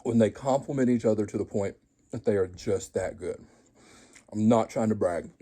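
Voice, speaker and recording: A man's voice: lowish voice, moderate pace, dark tone. A man hosting a home cooking vlog, tasting his food and chatting casually with folksy, joking asides to viewers. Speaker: home cooking show host.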